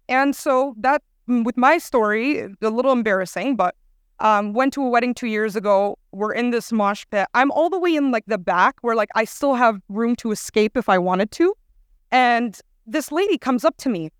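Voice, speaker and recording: A young woman preaching to a youth crowd in a chatty, storytelling way, with plenty of filler words. Her voice sits a little high and sounds smooth and clear. The sound is close and dry. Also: normal speed, dry recording. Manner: chatty, animated, lots of "like". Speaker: guest youth speaker. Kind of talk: casual storytelling sermon.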